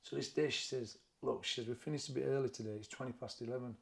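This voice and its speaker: A middle-aged man with a broad Sheffield accent speaks in a gravelly, mid-pitched voice. He talks plainly and haltingly, doubling back and repeating words as he recounts his story in an interview. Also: fairly even intonation. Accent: Sheffield, Yorkshire. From England. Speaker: boxing trainer, interview guest. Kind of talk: candid personal interview.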